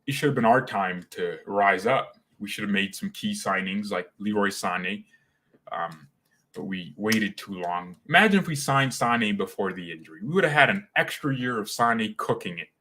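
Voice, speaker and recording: A young man hosting a casual fan livestream, talking in an animated, slangy, excitable way. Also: lowish voice, normal speed, a little hiss or hum. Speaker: fan channel host.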